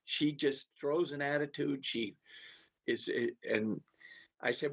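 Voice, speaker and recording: A man, a family therapist, talking to parents in a halting way, with many filler restarts and stories from his practice. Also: medium pitch, husky. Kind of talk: talk to parents.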